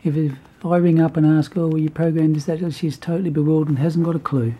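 An older man filming at home, chatting fondly to his cat and slipping into a soft whisper. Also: a little high, flat delivery, fast talker, breathy edge. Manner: doting and chatty, drifts between cooing and soft whispering. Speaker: cat owner filming a video. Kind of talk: casual home video, cooing to a pet.

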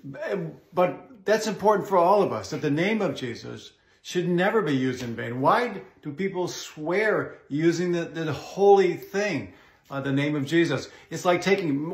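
Gravelly priest in a roomy space. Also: male voice, on the high side, animated. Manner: measured, with frequent "uh" pauses. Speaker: Catholic priest and exorcist. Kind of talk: pastoral teaching talk.

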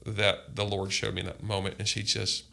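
Gravelly, bright-voiced pastor man. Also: on the low side, little pitch movement, normal speed. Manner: earnest, impassioned storytelling. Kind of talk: podcast conversation, personal testimony.

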